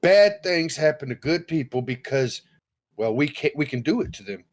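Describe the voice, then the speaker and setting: Fairly high-voiced guy ranting on a podcast, blunt and swearing a lot. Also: expressive, normal speed. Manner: blunt, swears freely, acts out quoted bosses. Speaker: podcast co-host. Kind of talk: casual podcast chat.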